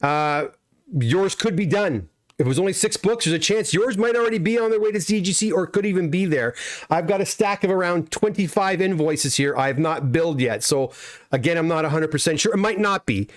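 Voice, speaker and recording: A man's voice: a little high, lively intonation, fairly quick. A middle-aged man hosting a casual livestream, answering viewer comments in a loose, chatty way with many restarts. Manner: chatty, loose, frequent restarts and repeated words. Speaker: comic pressing business owner and livestream host.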